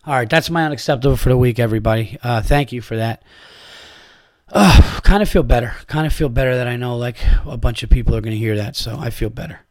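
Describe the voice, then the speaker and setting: A man's voice: medium pitch, quick pace, hardly any pauses, no room sound, studio quality. A middle-aged man hosting a podcast, telling listeners a profane, angry, rambling story with lots of restarts. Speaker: podcast host.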